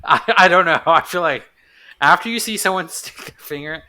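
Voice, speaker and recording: A man's voice: fairly high pitch, normal speed, bright, forceful tone. A man co-hosting a podcast, chatting casually and hesitantly, breaking into easy laughter. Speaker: podcast co-host. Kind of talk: casual chat.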